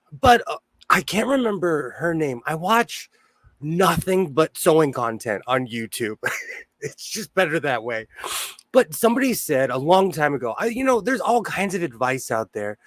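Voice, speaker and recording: A man's voice: fairly high pitch, sing-song, measured pace, fairly bright tone, dry recording. A man hosting a sewing livestream in casual chat, jokey and laughing often as he greets viewers.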